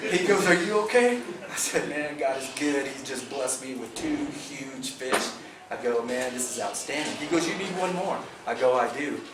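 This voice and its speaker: A man in a club meeting, telling an excited fishing story and acting out the sounds and the things people said. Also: mid-range voice. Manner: excited, vivid, acts out sounds and quotes. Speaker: bass fishing club member. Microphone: far camera. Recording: roomy, distant camera audio with background noise.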